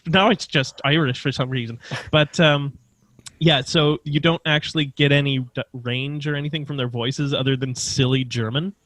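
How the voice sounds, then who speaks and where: A man co-hosting a casual film discussion podcast, talking with animated emphasis and swearing now and then. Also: medium pitch, no room sound. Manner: animated, swearing, quick asides. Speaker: podcast co-host.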